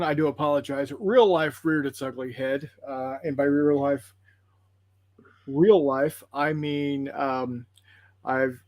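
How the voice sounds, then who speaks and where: A man's voice: medium pitch, dry recording. A man hosting a tabletop gaming livestream, chatting casually and rambling apologetically through viewer comments with plenty of fillers.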